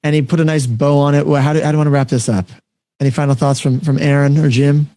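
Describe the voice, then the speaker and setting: A man's voice: a little high, steady tone, dark tone, no room sound, studio quality. A man hosting a casual panel chat on a video call, upbeat and enthusiastic as he tells stories. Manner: fast, upbeat, enthusiastic storyteller. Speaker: podcast host.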